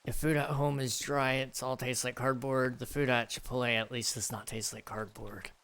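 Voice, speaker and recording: A man's voice: mid-range voice, little pitch movement, moderate pace, a bit bright, clear, resonant tone. A man casually chatting with his viewers on a live stream, rambling and joking with lots of fillers. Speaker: streamer reading chat.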